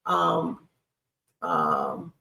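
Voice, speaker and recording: Grammar teacher, unhurried delivery, heavy vocal fry, repeats key points with many ums. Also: low voice, wildly swooping pitch, sharp tone. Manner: deliberate, repeats key phrases, frequent ums. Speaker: Hebrew grammar instructor. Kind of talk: screen-share lesson.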